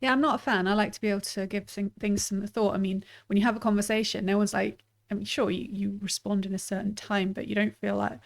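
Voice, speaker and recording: A woman's voice: medium pitch, little pitch movement, fast talker, creaky, hardly any pauses. A woman streamer giving casual game commentary, chatty and self-correcting as she thinks aloud.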